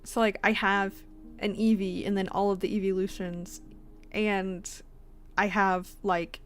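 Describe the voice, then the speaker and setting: A woman's voice: medium pitch, little pitch movement, a little slow, faint music behind. A sleepy woman streamer chatting casually with her viewers, rambling and giggling between fillers.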